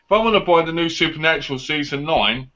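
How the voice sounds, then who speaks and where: Bright-voiced man in casual chat. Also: on the high side, expressive, fast, dull audio. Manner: blunt, swearing, stuttering restarts. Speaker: co-host. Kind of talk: casual live chat about films.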